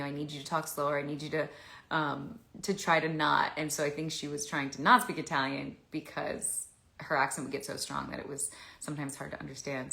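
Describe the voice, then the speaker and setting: A woman's voice: sits low, gravelly, pushed and bright. A woman answering fan questions in a casual livestream chat, rambling with many restarts. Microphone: phone. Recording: echoey room.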